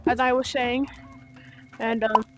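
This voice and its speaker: High-voiced young woman rambling to viewers. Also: flat delivery, unhurried, a little hiss or hum. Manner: rambling, many fillers and playful asides. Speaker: gaming channel host. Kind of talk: casual chat to viewers.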